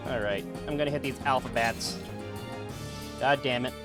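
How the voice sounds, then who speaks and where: A man's voice: mid-range voice, normal speed. A man casually commentating as he streams a video game, chatty and joking, reading game text aloud. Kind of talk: casual let's play commentary. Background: game music.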